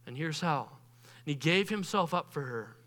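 A man preaching a sermon as pastor, animated, acting out the voices of people he quotes, rising to loud bursts and dropping quiet. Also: on the high side, moderate pace.

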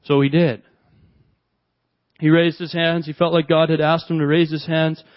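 A man's voice: on the high side, little pitch movement, moderate pace, highs cut off. A man preaching a sermon, telling a story earnestly and repeating phrases for emphasis. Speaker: pastor.

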